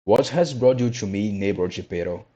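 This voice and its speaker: A man's voice: fairly low pitch, moderate pace, warm tone, natural voice. A man voicing an old carpenter who is frightened and blustering. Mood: grumpy. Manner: nervous, blustering.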